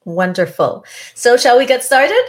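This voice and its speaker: A woman hosts a podcast in a polished, measured voice. She opens with a scripted introduction and then interviews her guest. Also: fairly high pitch, very animated. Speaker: podcast host.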